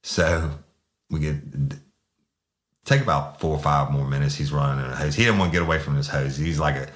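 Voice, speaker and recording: Super deep guy rambling through a cop story, swears a lot. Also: a little fast, fairly bright tone. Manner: blunt and profane, rambling with many restarts. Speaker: former police sergeant telling a story. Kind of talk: casual storytelling.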